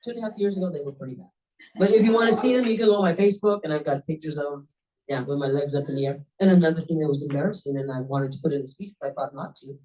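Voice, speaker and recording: A woman at a club meeting telling a personal story in a lively, conversational way, often jumping up in pitch for emphasis. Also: racing. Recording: voice a bit distant from the mic.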